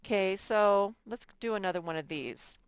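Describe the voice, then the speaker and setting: A woman's voice: medium pitch, moderate pace, clean tone, dry recording. A woman teaching a reading lesson to young children, drawing out words and sounding out letters. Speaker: first-grade teacher.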